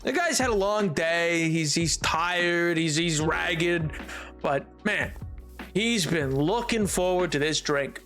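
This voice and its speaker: A man's voice: fairly high pitch, lively intonation, slow pace, a bit bright, soft background music. A male streamer chatting casually on a live stream, rambling, stumbling over his words and breaking into giggles.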